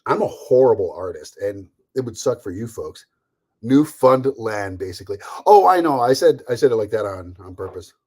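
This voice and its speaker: A man's voice: on the low side, sing-song, brisk, hardly any pauses, darkish tone, slightly rough. A man hosting a casual live stream from home, rambling chattily, greeting viewers by name and laughing often. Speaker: livestream host.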